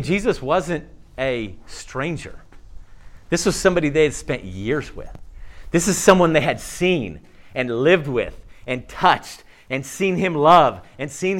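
Lively, high-voiced male preacher. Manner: animated storytelling, acts out quoted lines, frequent "okay?" asides; swings from loud emphasis to hushed low asides. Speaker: pastor. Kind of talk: sermon.

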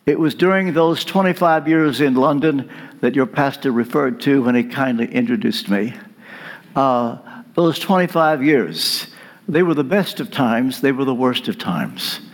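A man delivering a sermon as a guest preacher, telling a story with dramatic pauses. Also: mid-range voice, animated. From United States.

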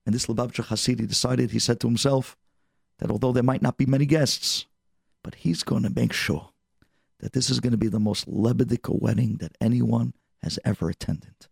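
A man tells a story on a radio show, with animated, expressive delivery. His voice is gravelly and husky, at an ordinary pitch. The recording is dry and close, with no room sound. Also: a little fast, dry recording.

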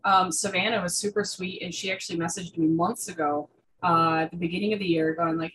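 A woman's voice: fairly low pitch, steady tone, fairly quick, fairly bright tone, slight background noise, poor audio. A young woman in a casual interview, chatty and enthusiastic, with lots of fillers and restarts. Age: young adult. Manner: enthusiastic about reptiles. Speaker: guest artist.

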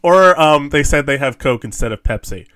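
A man's voice: fairly high pitch, expressive, moderate pace, fairly bright tone. Rambling man chatting about films. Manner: rambling, with many fillers and restarts, laughs often. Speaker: podcast co-host. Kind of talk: casual film discussion.

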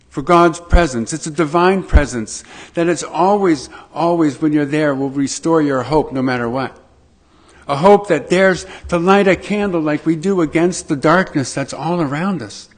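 A man preaching a sermon to his congregation, slow and emphatic, with dramatic pauses. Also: fairly high pitch. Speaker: pastor.

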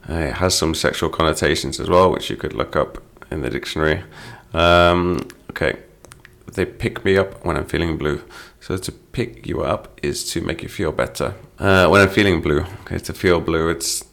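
A man's voice: deep voice, moderate pace, vocal fry, few pauses, fairly bright tone. A middle-aged man teaching English phrases through song lyrics, patient and explanatory.

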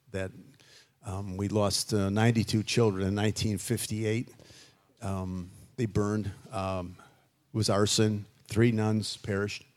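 A man in his sixties from Chicago, telling his life story as a guest in a casual interview, in a reflective, rambling way. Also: fairly low pitch. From Chicago, USA. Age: 60s. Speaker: guest musician.

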